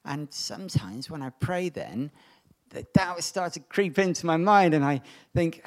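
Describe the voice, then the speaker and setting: A man preaching a sermon, reading Bible passages aloud and dramatizing the voices in them. His voice sits slightly higher than most men's. He speaks with an animated, conversational storytelling manner. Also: normal speed, vocal fry.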